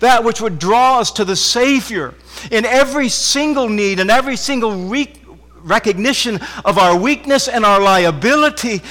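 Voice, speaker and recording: A man preaching a sermon to a congregation, fervent, repeating phrases with stammered restarts and swinging from loud emphasis to hushed intensity. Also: very high-pitched, animated, moderate pace. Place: church with congregation. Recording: long hall reverb.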